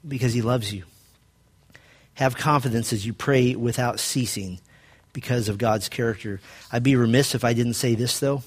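A man pastor preaching a sermon, telling a personal story and dropping low and quiet to stress his points. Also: husky.

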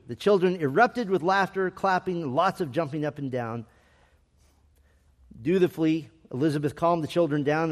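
A man with a slightly high voice tells a family story in a gentle, measured way. Each line trails into a long reverb. He reads like a patient storyteller and voices the quotes himself. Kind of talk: storybook narration.

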